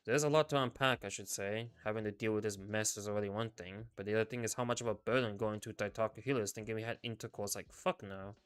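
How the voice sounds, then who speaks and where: A male streamer reading a game story aloud in first person, in a subdued, low-key way with casual swearing. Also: fairly even intonation, fast, few pauses, clean tone. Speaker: VTuber streamer.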